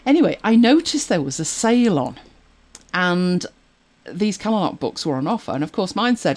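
Chatty podcast co-host, very lively pitch. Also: moderate pace. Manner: chatty, rambling, with many fillers and restarts. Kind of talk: casual chat about audiobooks.

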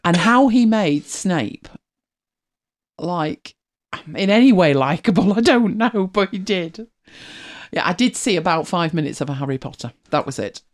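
Speaking a little slowly in an animated, lowish voice, a middle-aged Mancunian woman with a mild accent hosts a casual chat. She rambles, laughs a lot and reads out listeners' comments.

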